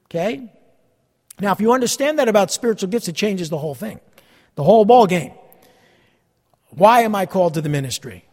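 A man's voice: high voice, a little mellow, long reverb tail. A man preaching a conversational sermon as the pastor, earnest and given to repeating words and chuckling. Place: church sanctuary.

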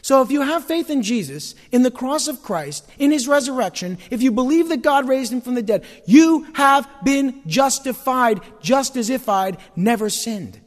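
Male pastor, high lively voice, church hall reverb, folksy preaching. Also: moderate pace, hardly any pauses. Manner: animated preaching, folksy asides. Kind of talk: sermon.

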